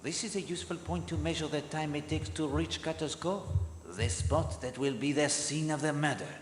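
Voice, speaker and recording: Man playing a polite, fastidious detective, formal, game voice acting. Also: a little high, steady tone, long reverb tail, a little hiss or hum, lightly acted. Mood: courteous. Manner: formal, courteous.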